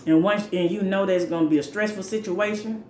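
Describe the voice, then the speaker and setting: A woman talks casually as she eats, easygoing and repetitive, laughing between her points. Her voice sits at a middle pitch. The room is echoey, with faint noise underneath. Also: a little fast. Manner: relaxed, chatty, repeats points, laughs between lines. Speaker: mukbang vlogger. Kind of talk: casual advice talk while eating.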